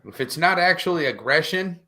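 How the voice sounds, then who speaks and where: A man who is a stand-up comedian, guesting on a podcast and telling wry, deadpan stories with sarcastic jokes. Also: a little high, brisk. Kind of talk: casual podcast chat.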